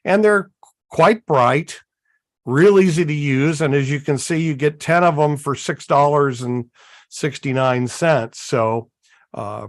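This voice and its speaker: A man co-hosting a live radio-hobby show, walking through gear in a folksy, unhurried way with many fillers. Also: fairly high pitch, no echo. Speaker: co-host. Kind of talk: casual show-and-tell chat.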